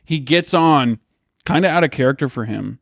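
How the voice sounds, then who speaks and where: A man's voice: fairly high pitch, animated, normal speed, creaky, a bit bright, no echo, studio quality. Incredulous man telling a story. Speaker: podcast co-host. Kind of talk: casual storytelling chat.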